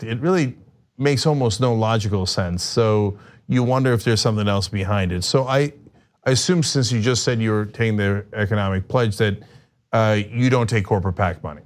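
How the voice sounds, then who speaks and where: A man hosting an interview show, questioning a guest in a pointed, wry way. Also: on the low side. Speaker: show host. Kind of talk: casual interview.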